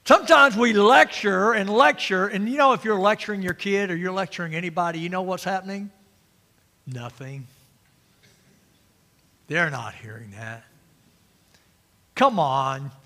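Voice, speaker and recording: A middle-aged man preaching an emphatic sermon as pastor, swinging between loud and quiet. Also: high-pitched, expressive, a little slow, long pauses. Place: church sanctuary. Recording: long reverb of a church hall.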